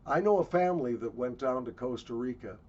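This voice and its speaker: A man's voice: medium pitch, expressive, brisk, a little mellow, lo-fi sound. A man from the United States giving blunt, sarcastic travel commentary with swearing. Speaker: travel vlogger.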